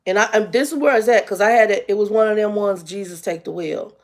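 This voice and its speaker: A woman's voice: medium pitch, fast talker. Exasperated woman in her fifties telling a story. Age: 50s. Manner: animated and exasperated, acts out dialogue. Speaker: vlogger. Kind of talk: casual storytime vlog.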